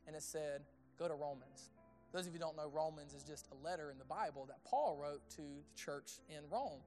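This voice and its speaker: A man preaching a sermon in a conversational way, asking the audience questions and dropping to a hushed tone on intimate points. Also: a little high, fairly quick, soft background music. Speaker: pastor.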